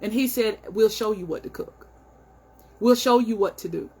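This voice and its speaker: A woman's voice: medium pitch, moderate pace, darkish tone, husky. A woman talks casually and encouragingly to her viewers, sharing her own weight loss journey. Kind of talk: casual heartfelt vlog talk.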